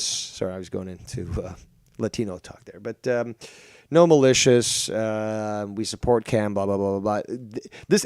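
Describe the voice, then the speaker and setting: A man's voice: fairly low pitch, moderate pace, smooth, no room sound, studio quality. A man hosting a livestream show, talking casually, rambling and swearing. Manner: rambling, profane, animated.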